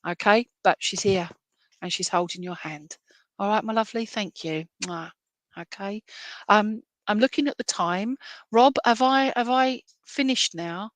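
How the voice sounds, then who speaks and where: Lady doing a medium reading, chatty, keeps saying all right, mid-pitched, dry. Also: unhurried, dry recording. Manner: chatty and rambling, with self-deprecating asides; reassuring, often checks in with "all right?". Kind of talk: clairvoyant reading at an online church service.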